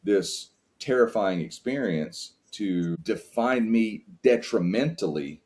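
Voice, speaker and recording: Deep-voiced man, earnest and open. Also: lively intonation, slow pace, darkish tone. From United States. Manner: earnest, open, with frequent restarts. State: tearing up at times. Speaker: podcast guest, father. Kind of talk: reflective interview talk.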